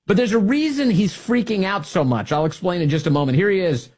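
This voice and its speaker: A man's voice: sits high, brisk, darkish tone, slightly rough. A man hosting a talk radio show, delivering a sarcastic, mocking monologue and laughing at his own jokes.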